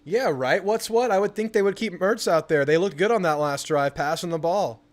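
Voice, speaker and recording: Excitable man hosting a live football watch party. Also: high voice, moderate pace. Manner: excitable, yells at the TV during big plays. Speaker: sports channel host.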